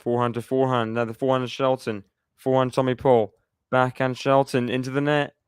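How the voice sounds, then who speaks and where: A man calls a tennis match live for his stream in a chatty, reactive way, laughing often and talking to the chat. His voice is smooth and clear. It is recorded dry on a close mic. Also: medium pitch, flat delivery, fairly quick, no room sound. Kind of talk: casual live play-by-play commentary.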